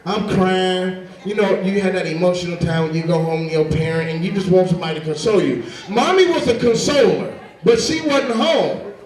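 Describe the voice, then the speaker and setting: High-pitched stand-up comic, roomy live sound. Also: male voice, fairly quick, distant mic. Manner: animated storytelling, jumps into high voices for his younger self. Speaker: stand-up comedian. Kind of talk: stand-up comedy set. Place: comedy stage before a laughing audience. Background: audience laughter.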